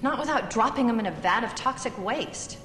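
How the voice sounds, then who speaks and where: A woman's voice: a little high, animated, brisk, fairly bright tone, slight background noise. An actress playing a superhero mother who talks her husband through their disappointment about their son, in a film clip. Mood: exasperated. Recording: reverberant film soundtrack with score.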